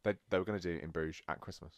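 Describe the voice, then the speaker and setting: A man's voice: sits low, steady tone, rapid-fire, no echo. A young man co-hosting a casual film podcast, rambling and self-deprecating, often laughing at himself. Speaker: podcast co-host. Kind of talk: casual chat.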